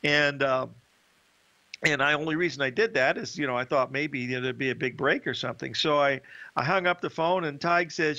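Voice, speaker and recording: A man's voice: a little high, fairly quick, bright, forceful tone, lo-fi sound. An older man hosting a market show, talking in a rambling, folksy way with many fillers. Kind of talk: casual market commentary and storytelling.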